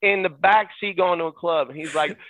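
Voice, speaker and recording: A high-pitched middle-aged man, once a ballboy, calls into a podcast from his Utah home over a tinny, dry phone connection with no echo. Excitable and quick to laugh, he tells lively stories in casual conversation, breaking into shouted impressions.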